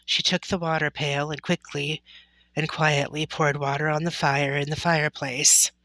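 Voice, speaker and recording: A woman reading a chapter book aloud, slow and even. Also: deep voice, no room sound. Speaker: storybook reader. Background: faint music.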